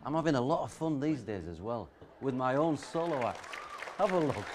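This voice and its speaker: A middle-aged man with a Yorkshire accent, telling stand-up one-liners in a wry, deadpan way. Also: mid-range voice, fairly quick, music in the background, crowd noise. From Yorkshire Dales, England. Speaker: stand-up comedian.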